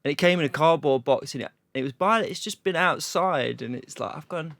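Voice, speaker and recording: A man's voice: fairly high pitch, a little fast, vocal fry, fairly bright tone, no echo. A man with a Leicester accent, a musician chatting casually as a guest, rambling with many restarts. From Leicester, England. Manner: rambling, many restarts and "you know what I mean". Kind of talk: casual chat.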